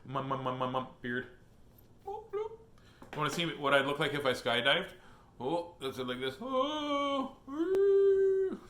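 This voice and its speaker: A man's voice: medium pitch, steady tone, brisk, bright, forceful tone. A man hosting a live children's book reading stream, chatting in a silly, playful, joking way. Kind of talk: casual live-stream chat. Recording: echoey room.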